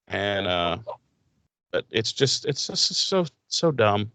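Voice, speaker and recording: A man co-hosting a TV recap podcast, talking casually with sarcasm and profanity and acting out characters in quick voices. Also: on the low side, big pitch swings, bright, forceful tone, clear, resonant tone, no echo. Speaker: podcast co-host.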